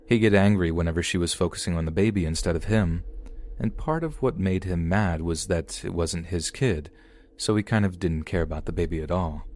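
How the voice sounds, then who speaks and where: A man reading an online story aloud in steady, scripted narration. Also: low-pitched.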